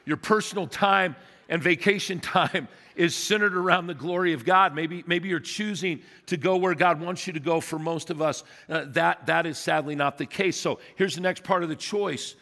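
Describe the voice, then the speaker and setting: A man's voice: on the high side, moderate pace, sharp tone. A man preaching a sermon as pastor, emphatic and questioning his congregation. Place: church sanctuary. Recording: long reverb of a church hall.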